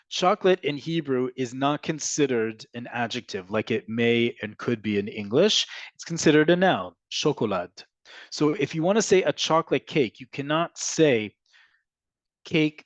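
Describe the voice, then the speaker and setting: A man's voice: medium pitch, dry recording, lo-fi sound. Man teaching Hebrew in an online class. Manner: explanatory, animated, answers questions as they come in.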